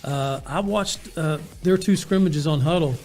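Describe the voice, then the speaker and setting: A man's voice: a little high, a little slow, darkish tone. A man, a sports show interviewer asking a coach questions in a conversational way with fillers.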